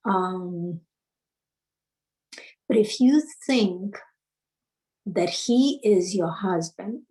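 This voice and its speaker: Slow, deliberate woman coaching. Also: medium pitch, a little mellow, low-quality recording. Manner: storytelling with many fillers and restarts. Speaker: self-help coach. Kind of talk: unscripted teaching talk.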